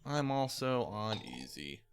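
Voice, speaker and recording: A man's voice: medium pitch, big pitch swings, unhurried, a crowd in the background. A man co-hosting a casual gaming podcast who asks questions and acts out the characters' lines as he recaps. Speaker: podcast co-host.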